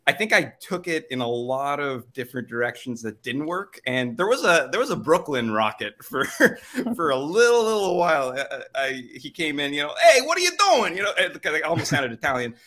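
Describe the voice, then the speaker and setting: Bright-voiced man on a video call. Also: medium pitch, big pitch swings, normal speed, few pauses. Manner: reflective, laughs easily. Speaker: voice actor guest. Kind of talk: casual interview answer.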